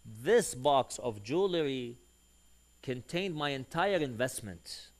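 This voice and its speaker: Animated male preacher telling a story. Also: mid-range voice, slow. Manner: animated storyteller who acts out quoted dialogue. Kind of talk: storytelling sermon.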